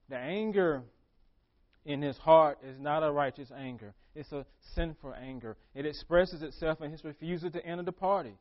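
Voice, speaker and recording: A man's voice: a little high, highs cut off. A man preaching a sermon as pastor, repeating phrases for emphasis and acting out a character's questions.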